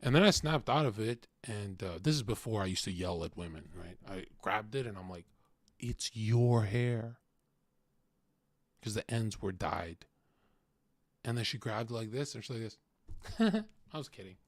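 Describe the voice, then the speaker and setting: A young man talking casually in a crude, rambling storytelling monologue, swinging from loud outbursts to mumbled asides. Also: fairly low pitch, expressive, moderate pace, dry recording. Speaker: podcast host.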